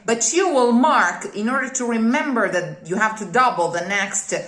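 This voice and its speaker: A woman's voice: fairly high pitch, moderate pace, fairly bright tone. A woman with an Italian accent, a native Italian speaker, teaching singers Italian diction in a methodical way, repeating key points and checking in with "okay?". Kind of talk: one-on-one teaching explanation. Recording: roomy echo.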